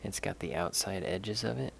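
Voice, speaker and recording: Very gravelly low-voiced man. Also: moderate pace, a bit bright, slight background noise. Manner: rambling and candid, swears casually. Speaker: livestream host showing stones. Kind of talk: casual live-stream chat.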